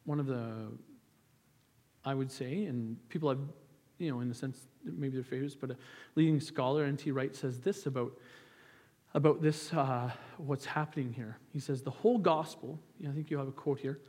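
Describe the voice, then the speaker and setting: A male pastor delivers an earnest, conversational sermon in a church sanctuary, often restarting his sentences. His mid-range voice is warm and moderately paced, and the recording carries the hall reverb of the sanctuary.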